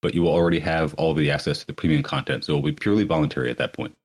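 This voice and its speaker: A man hosting a podcast, talking in a brisk, chatty way. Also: extremely low pitch, fairly even intonation, husky. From United States. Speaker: podcast host. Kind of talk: casual podcast talk.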